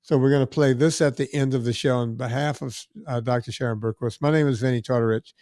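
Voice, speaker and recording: A man's voice: mid-range voice, fairly even intonation, fast, darkish tone, no room sound, studio quality. A man hosting a podcast, wrapping up casually with chatty plugs. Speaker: podcast host.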